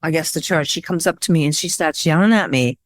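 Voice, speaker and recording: Woman photog guest, rambly animated stories, lots of "like" and "you know", dry close sound. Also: sits low, quick pace, dry recording. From Worcester, Massachusetts area. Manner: rambling, animated storytelling with frequent fillers. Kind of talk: casual interview chat.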